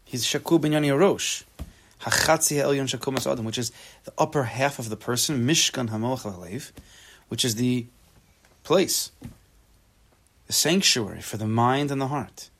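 Man, Torah class teacher, conversational, repeats words, joking asides, translates phrase by phrase, mid-pitched voice. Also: normal speed, a bit bright, a little hiss or hum. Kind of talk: casual spoken Torah class.

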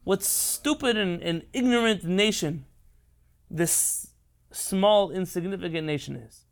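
A man's voice: high-pitched, takes it slowly, gravelly. Impassioned man lecturing on Torah. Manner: impassioned, emphatic, rhetorical. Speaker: rabbi.

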